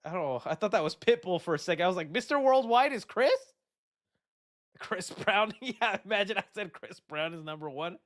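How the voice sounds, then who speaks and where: A man's voice: high-pitched, fast talker, few pauses. A young man hosting a live stream in casual chat, joking and answering chat questions. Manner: animated and joking, reads chat aloud. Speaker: host.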